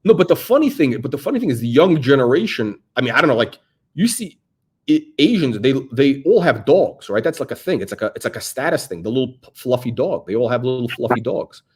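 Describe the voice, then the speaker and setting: A man's voice: mid-range voice, big pitch swings, fast, a little mellow, breathy edge. A man hosting a casual podcast, talking in a loose, rambling, joking way with lots of fillers. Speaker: host.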